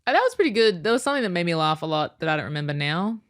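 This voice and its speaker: Lower-voiced young woman, chatty and lively. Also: racing. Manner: chatty, trails off and restarts, easily amused. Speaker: podcast co-host. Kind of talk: casual chat.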